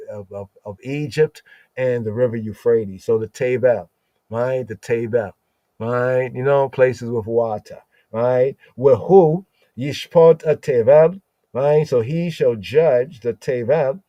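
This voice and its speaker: A man's voice: medium pitch, warm tone, dry recording, dull audio. A man hosting a podcast, teaching scripture with emphatic repetition, using Hebrew words and asking "right?" again and again. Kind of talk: scripture study talk.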